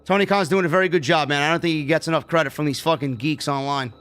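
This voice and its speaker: A man's voice: on the high side, fairly even intonation, quick pace, a bit bright, clear, resonant tone, soft background music. A man hosting a live wrestling review stream, reading viewer super chats aloud and chatting casually with plenty of swearing. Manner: casual, profane, reads donor messages aloud.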